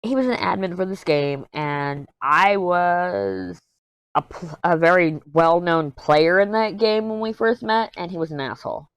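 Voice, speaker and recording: A woman in her thirties talks casually to her viewers while she works on a craft project, rambling from topic to topic and joking candidly. Her voice sits low but bounces around a lot in pitch. The sound is close and dry, with no room around it. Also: lively intonation, a little slow, clean tone, no room sound. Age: 30s. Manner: rambling, easily sidetracked, candid and jokey. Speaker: crafting vlogger. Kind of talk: casual chat while diamond painting.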